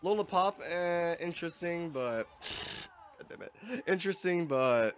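A man giving excitable let's-play commentary, swearing and laughing often as he plays. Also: a little high, unhurried, faint music behind. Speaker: gaming channel host.

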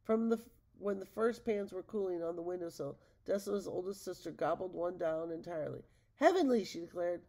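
A woman reading a picture book aloud to listeners, in a gravelly voice. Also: lowish voice, fairly even intonation, brisk, mellow. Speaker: storybook reader.

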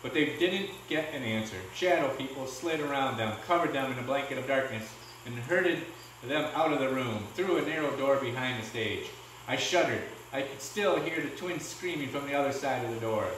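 Guy reading a book out loud to his class, echoey room, mic kinda far off. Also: medium pitch, normal speed, a little hiss or hum. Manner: steady, with small restarts. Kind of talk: reading a storybook aloud.

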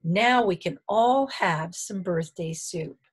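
A woman's voice: on the low side, slow pace, husky. A woman voicing an eager young boy bear cub in a storybook reading. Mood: cheerful.

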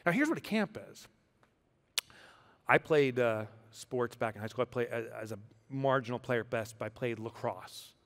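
Animated male keynote speaker in a hall. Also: medium pitch, moderate pace. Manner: animated, conversational, rhetorical questions. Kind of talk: motivational keynote talk.

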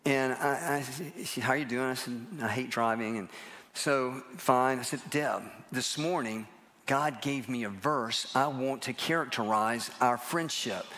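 An older man, a guest preacher, gives a humorous sermon at a live church service in the sanctuary, telling personal stories in a chatty, self-deprecating way. His medium-pitched voice is unhurried with a sharp tone.

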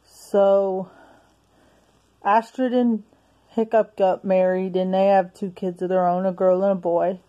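A woman's voice: mid-range voice, little pitch movement, unhurried, lo-fi sound. A woman reviewing a movie in a casual home video, talking hesitantly with many restarts and sounding out of breath.

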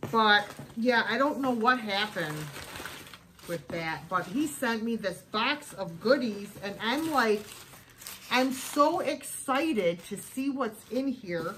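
Woman vlogger unboxing at home, warm and chatty, slow delivery, faint background hum. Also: on the high side, lively intonation, poor audio. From United States. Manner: gushing and chatty. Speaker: thrift vlogger. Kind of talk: casual haul video.

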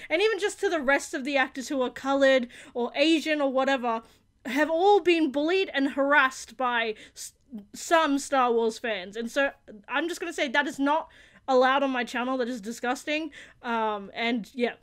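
Hosting her own channel, a woman gives excited reaction commentary on a TV episode, often gasping and shouting and apologizing repeatedly. Her voice is high and her pace moderate.

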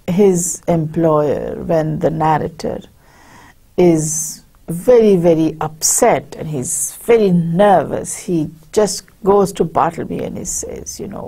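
A woman giving a university literature lecture, reading passages aloud and explaining them in a slow, hesitant way with many fillers. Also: on the low side, gravelly, dark tone, slightly rough.

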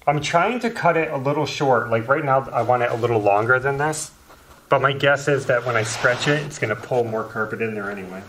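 A man with a bright, forward voice talks through a DIY job in a relaxed, matter-of-fact way. His voice still has a morning roughness to it. He is in a bare room that rings with echo. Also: mid-range voice, brisk. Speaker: DIY vlogger installing carpet. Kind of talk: casual home-project vlog. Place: empty room in a house, indoors. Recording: echoey empty room.

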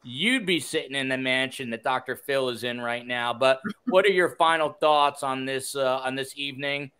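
A man's voice: mid-range voice, normal speed, bright, forceful tone, smooth. A man from New Jersey hosting a podcast, reading listener questions in a chatty, self-deprecating way. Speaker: podcast host.

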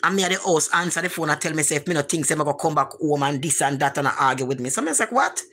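A woman's voice: low-pitched, lively intonation, fast, fairly bright tone, a little hiss or hum. A woman with a Jamaican accent telling a rambling personal story in patois, repeating words for emphasis. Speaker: vlogger.

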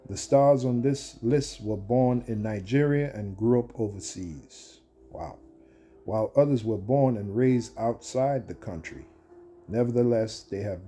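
A man's voice: medium pitch, dark tone. A man in his fifties ranting to camera in a combative, rambling way, with frequent stammered restarts as he talks through a video. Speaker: video commentator. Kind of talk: casual rant to camera.

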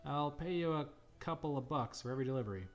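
A man reading a smooth-talking old bartender. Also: a little high, fast, highs cut off, soft background music, lightly acted. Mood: sly. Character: sly older male bartender and seer.

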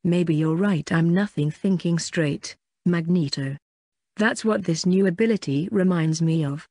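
A woman's voice: fairly low pitch, unhurried, dark tone, dry recording, clean studio sound. A woman narrating a first-person audiobook in a plain, conversational reading with small slips.

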